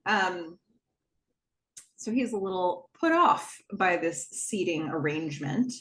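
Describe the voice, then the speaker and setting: A woman's voice: on the low side, animated, slow, echoey room. A woman hosting a podcast, recapping a TV episode in a casual, chatty way with lots of fillers and asides. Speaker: podcast host.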